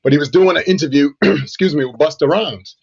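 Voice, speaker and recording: A man's voice: on the high side, fairly quick, darkish tone, slightly rough, highs cut off. A man co-hosting a radio show, telling a story animatedly with lots of "you know" fillers. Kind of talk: casual radio chat, storytelling.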